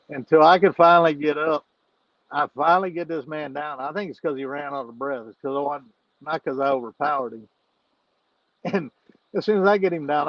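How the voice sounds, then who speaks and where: A man's voice: fairly high pitch, no room sound, highs cut off. Man, podcast guest, casual storytelling, frequent laughs, profane, dry close sound. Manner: laughs often while telling stories, swears freely.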